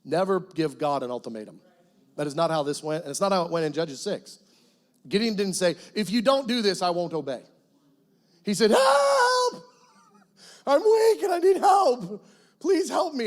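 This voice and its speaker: A middle-aged guest pastor telling a personal testimony in a church, animated storytelling that breaks into loud cries as he acts out prayers. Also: fairly high pitch. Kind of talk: sermon testimony. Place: church sanctuary.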